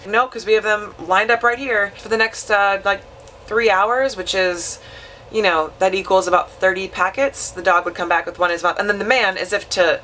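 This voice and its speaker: Bright-voiced woman telling a comic story. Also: mid-range voice, slight background noise. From Wisconsin. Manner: rambling, self-mocking, quick asides. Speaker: vlogger.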